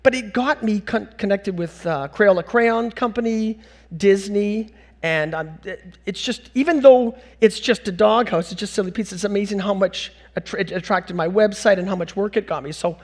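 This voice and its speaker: A middle-aged man from North America tells funny stories from a stage in a high, bright voice. He speaks with an animated, self-mocking bounce and laughs through his own punchlines. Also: normal speed. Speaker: conference speaker. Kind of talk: storytelling keynote talk. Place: conference hall stage.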